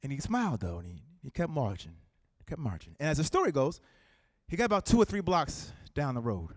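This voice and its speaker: A man giving an impassioned rally speech at a community center. He builds rhythmic repeated lines and drops from loud calls to hushed storytelling. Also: fairly high pitch, sing-song, a little fast, no echo, studio quality. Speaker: political speaker.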